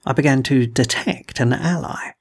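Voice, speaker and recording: A man narrating a novel in an audiobook with a measured storytelling delivery. His voice is gravelly, with a husky edge, at a middle pitch.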